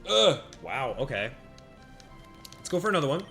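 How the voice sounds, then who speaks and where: A man giving casual live-stream commentary while playing a monster-battle game, chatting with viewers by name and reacting out loud to each turn. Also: medium pitch, expressive, moderate pace. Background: faint game music.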